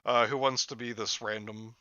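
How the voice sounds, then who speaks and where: Host, male, bright tone, mocking comic story reader, lo-fi mic. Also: steady tone, normal speed, no echo. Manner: mocking, breaks into laughter, jumps high for exaggerated lines. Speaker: host reading a story aloud. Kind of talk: comedic dramatic reading with friends.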